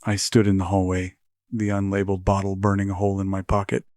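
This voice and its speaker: A man narrating a scripted horror story in measured, steady storytelling. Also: sits low, no room sound, studio quality.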